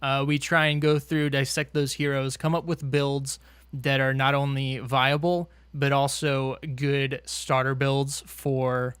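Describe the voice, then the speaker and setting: A man hosting a gaming podcast, talking in an upbeat, quick way and laughing often. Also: medium pitch, level tone, a bit bright, clear, resonant tone, no room sound. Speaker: podcast host. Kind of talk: casual podcast chat.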